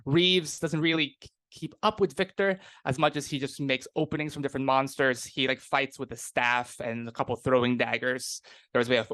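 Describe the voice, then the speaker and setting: A man narrating a tabletop game as game master, in a relaxed, rambling manner. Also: medium pitch, dry recording. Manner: relaxed and rambling, with many fillers.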